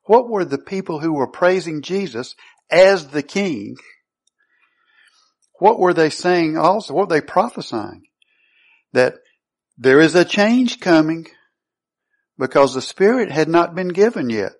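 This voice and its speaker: A man's voice: a little high, expressive, a little slow, pauses often. Man preaching with rhetorical questions. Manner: asks the congregation rhetorical questions and answers them; reads scripture aloud, then comments on it. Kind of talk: sermon, Bible teaching.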